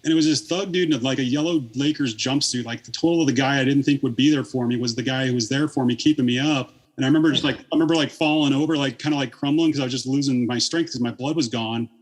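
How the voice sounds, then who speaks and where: A man's voice: medium pitch, steady tone, quick pace, hardly any pauses. A man in his thirties, a podcast guest, telling a long story in casual, rambling talk full of swearing and fillers.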